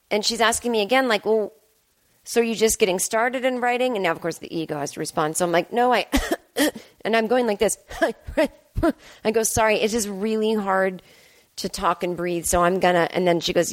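Telling a comedic story solo on her own podcast from her home apartment, a woman pokes fun at herself and plays out both halves of the conversation. She speaks fairly quickly at a medium pitch.

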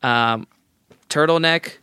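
Young guy cohosting a podcast, smooth clear voice, dry close sound, jokey and playful. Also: fairly high pitch, slow pace, bright, forceful tone, dry recording. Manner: joking, playful, laughs often. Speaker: podcast co-host. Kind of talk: casual chat.

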